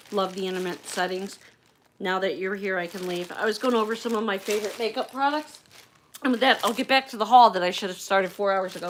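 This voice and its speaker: A woman's voice: medium pitch, a little hiss or hum. A woman chatting candidly on a casual livestream from her phone at home, swearing freely as she talks. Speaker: livestream host.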